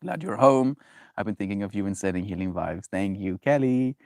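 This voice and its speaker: A man's voice: normal speed, gravelly, no echo, studio quality. A man hosting a daily livestream, chatting casually and reading out viewer comments. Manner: animated, swings into higher voices when acting out reactions. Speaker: livestream host.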